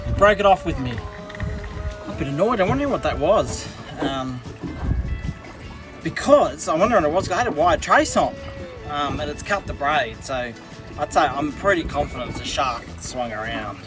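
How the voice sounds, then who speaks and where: A man's voice: on the high side, animated, moderate pace, over music. A man vlogging from his small fishing boat outdoors, chatty and self-mocking, rambling with fillers. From Australia. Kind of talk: casual vlog narration.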